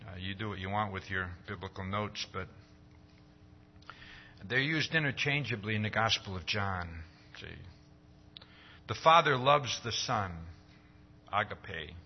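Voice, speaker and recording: A man's voice: animated, unhurried, pauses often, slight background noise. Male preacher, conversational sermon, keeps asking "See?", slightly dull recording. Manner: acts out quoted dialogue with rising pitch.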